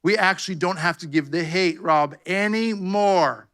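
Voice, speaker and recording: High, bright-voiced fervent man preaching. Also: measured pace. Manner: fervent, repeats "come on" and "amen" to the congregation. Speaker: pastor. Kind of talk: sermon. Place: church sanctuary.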